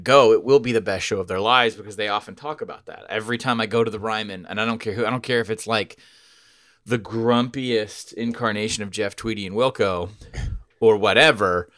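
Animated, rambling man telling a story. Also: lowish voice, dry recording, studio quality. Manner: animated, rambling, profane, with sudden loud outbursts. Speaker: podcast host. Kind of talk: casual storytelling chat.

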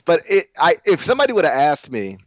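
A man co-hosting a podcast in casual chat, halting with many fillers and laughing often. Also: a little high, huge pitch swings, dry recording, muffled recording. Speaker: podcast co-host.

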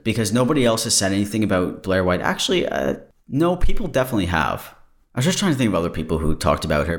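Low-pitched male podcast host; candid, rambling solo talk that wanders off mid-sentence. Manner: candid and digressive, breaks off mid-thought. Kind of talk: casual solo podcast monologue. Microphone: camera-recorded.

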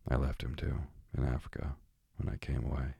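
Gentle, absent-minded country doctor for a sleep storybook, read by a man in a very low, gravelly voice. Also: no room sound, full character voice. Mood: mild. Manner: calm, slow bedtime reading. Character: kindly absent-minded middle-aged male animal doctor. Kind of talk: bedtime story reading.

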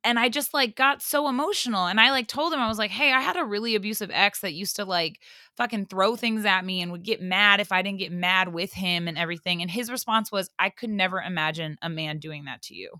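A young woman hosting a podcast, telling a story in casual chat, animated, full of fillers and swearing. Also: mid-range voice, a little fast, no echo, clean studio sound. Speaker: podcast host.

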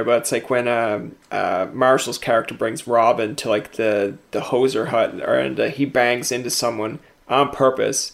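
A man's voice: medium pitch, vocal fry. Chatty young man hosting. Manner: chatty, animated storyteller, acts out quoted voices. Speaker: podcast host. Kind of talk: casual interview chat.

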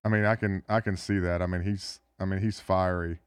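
A low, smooth male voice, recorded close and dry in a studio. He is a former football player in his thirties, answering questions casually, pausing often and restarting his sentences with plenty of fillers. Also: level tone, no echo. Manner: halting, lots of fillers and restarts. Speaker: NFL tight end guest. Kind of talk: casual podcast interview.

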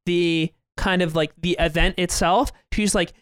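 A man's voice: high voice, steady tone, moderate pace, few pauses, fairly bright tone, smooth, dry recording, studio quality. A young man co-hosting a podcast, telling a story earnestly in casual chat with lots of fillers. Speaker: podcast co-host.

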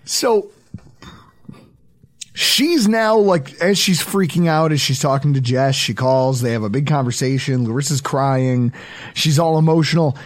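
A man's voice: a little slow, dry recording. A man hosting a podcast in casual banter, telling stories with jokes and mocking impressions. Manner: animated, jokey storyteller with high mocking impressions. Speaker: podcast host.

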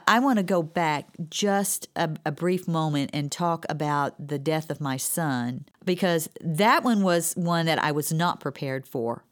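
A middle-aged woman in a faith-based conversation, telling her grief story earnestly and haltingly. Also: sits low. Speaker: co-host sharing grief experience.

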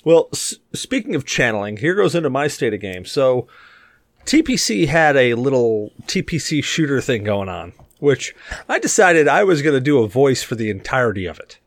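A man co-hosting a gaming podcast in casual chat, animated and joking. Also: no room sound. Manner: animated, joking, quick swings in pitch. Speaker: podcast co-host.

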